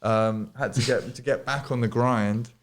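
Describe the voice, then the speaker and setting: A man's voice: medium pitch, fairly even intonation, a little slow, a little hiss or hum. A man chatting casually as a podcast guest, rambling with lots of fillers and restarts and swearing freely. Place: studio.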